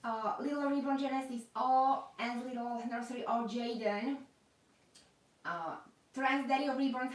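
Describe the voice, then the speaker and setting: Her voice sits high, with fairly even intonation and a measured pace, as she hosts a doll collector's live stream. The casual unboxing chat happens in an echoey room, full of fillers as she reads comments aloud.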